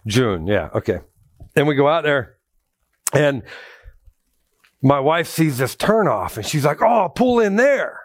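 Preaching in a church, this male pastor tells personal stories laced with jokes and calls out to the congregation in an animated, conversational style. His medium-pitched voice moves at a measured pace with long pauses, captured in a dry, studio-quality recording.

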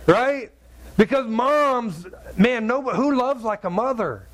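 Pastor, man, high voice, chatty sermon delivery with repeated words. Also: expressive, normal speed. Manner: conversational, repeats words, asks the crowd "right?".

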